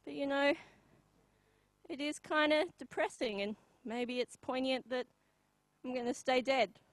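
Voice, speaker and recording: A young Australian woman performing a live comedy bit, deadpan and halting, with many pauses and ums. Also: high voice, no echo, poor audio.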